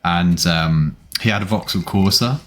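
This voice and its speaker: A man from England sits in as a podcast guest and tells crude stories in a relaxed way. His voice is fairly low and easygoing. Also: unhurried. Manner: laid-back, crude anecdotes. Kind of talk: casual podcast chat.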